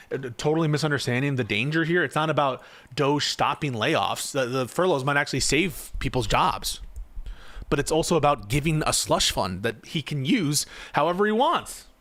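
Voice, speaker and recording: A man's voice: fairly high pitch, fairly bright tone. A man doing casual live-stream commentary on politics, reading chat and ranting in a profane, exasperated way.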